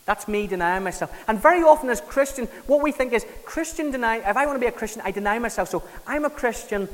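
Emphatic preacher in a reverberant hall. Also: male voice, very high voice, lively intonation, fast. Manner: emphatic, conversational preaching with quoted voices and dramatic drops. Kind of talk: sermon. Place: church.

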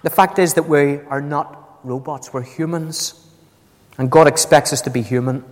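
A man's voice: fairly even intonation, normal speed. A man preaching a sermon to a congregation, emphatic, his voice leaping up on key words. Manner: emphatic, swings up to high ringing stresses. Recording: echoey hall with long reverb.

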